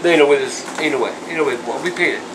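An older man, yelling and cursing on an angry phone call. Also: on the high side, rapid-fire, noisy background. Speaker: grandfather.

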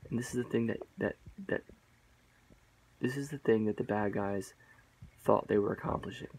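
A man's voice: on the low side, moderate pace, a little mellow, slight background noise, low-quality recording. A man giving a rambling, emphatic mock-sermon monologue, repeating himself and calling viewers guys and bro.

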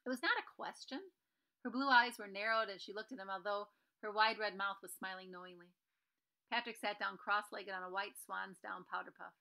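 Bright-toned woman reading a novel aloud. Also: medium pitch, moderate pace, creaky, low-quality recording. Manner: breaks in to explain the story. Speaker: reader.

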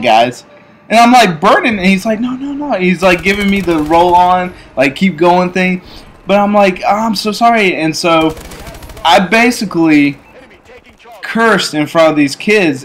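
A man in his twenties telling a personal story in a casual, rambling way, full of fillers and restarts, growing animated as he recounts it. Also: on the high side, a little hiss or hum. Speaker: YouTuber telling stories. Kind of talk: casual storytelling over gameplay.

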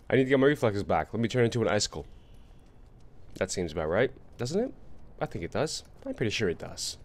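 A man's voice: low-pitched, expressive, normal speed, pauses often, slight background noise. Tired, exasperated gaming streamer, man. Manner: exasperated muttering to himself. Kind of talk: live gameplay commentary.

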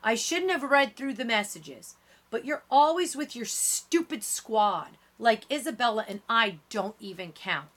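A woman reading an audiobook, voicing a hurt junior-high girl arguing heatedly with her friends. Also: animated, measured pace. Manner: shouting, heated.

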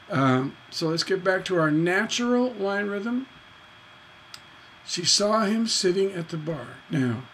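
On a charity livestream, a man teaches songwriting in a relaxed, folksy way, humming melodies on "da da" to illustrate his points. His voice is fairly high, and there's a little hiss or hum in the audio.

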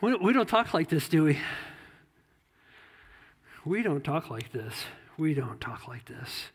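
A man's voice: fairly high pitch, sing-song, unhurried, slightly rough, in a large hall. A man preaching a sermon as a pastor, talking conversationally and repeating phrases for emphasis. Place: church sanctuary.

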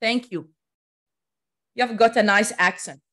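A woman, teaching an online English pronunciation class, animated and full of praise for her students. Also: fairly high pitch, takes it slowly.

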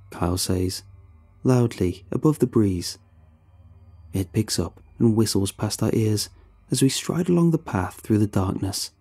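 A man narrating a scripted horror story in a steady, suspenseful manner. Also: on the low side, unhurried, husky. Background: faint background music.

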